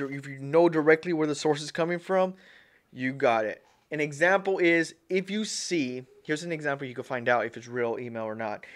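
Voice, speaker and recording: A man's voice: mid-range voice, a bit bright. A man hosting a casual tech-tips livestream, rambling and repeating himself, often calling his viewers "guys". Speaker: livestream host.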